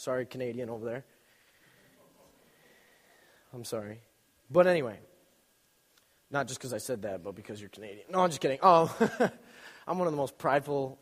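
A young man giving a casual, joking sermon, telling stories with sudden loud bursts and quick asides. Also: medium pitch. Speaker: youth speaker. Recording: long reverb in a hall.

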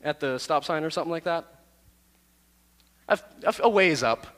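A man's voice: a little high, lively intonation, normal speed, fairly bright tone. Man, youth pastor, casual sermon storytelling, self-deprecating asides, reverberant hall.

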